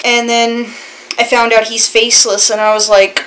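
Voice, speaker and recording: A woman's voice: on the high side, steady tone, normal speed, a bit bright, rough recording. A woman vlogger in casual chat, rambling earnestly and reassuringly with many filler phrases.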